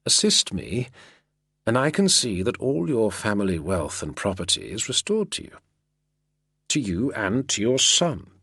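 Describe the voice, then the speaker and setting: A man's voice: fairly low pitch, big pitch swings, unhurried, creaky, fairly bright tone, husky, no room sound, studio quality, heavily acted. A man voicing a sly, sardonic male schemer for an audiobook, with an artful, purring drawl. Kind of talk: audiobook character reading.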